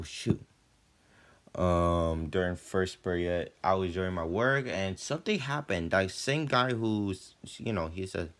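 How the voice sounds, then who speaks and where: A teenage boy with a notably deep, low voice talks through his school day as a casual vlog. He rambles along, filling every gap with "like" and "you know", and lifts his pitch and volume whenever he retells a scene. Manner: loose and chatty, full of "like" and "you know"; often animated, with jumps in pitch and volume when retelling. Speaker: student vlogger.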